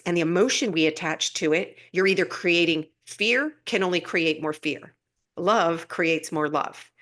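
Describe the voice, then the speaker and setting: A woman's voice: fairly low pitch, fairly bright tone. A woman hosting a live stream, giving a casual spiritual talk in an earnest, rambling way with frequent laughter and restarts.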